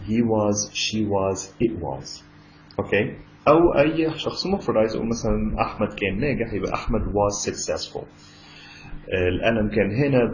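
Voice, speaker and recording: A man with a somewhat low voice teaches a grammar lesson at a very fast clip. He rushes through his explanations and then stretches out each model sentence slowly. The recording is dull and lo-fi, with a faint hiss underneath. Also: a little mellow. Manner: switches between rapid explanation and slow, drawn-out model sentences. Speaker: English teacher.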